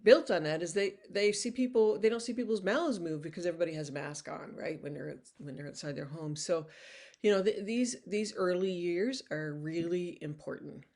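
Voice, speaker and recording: A woman's voice: fairly low pitch, moderate pace, a little mellow. An older woman giving a recorded lecture in a casual, conversational way, often restarting phrases and slipping in "you know.". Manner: acts out toddlers' voices when quoting them.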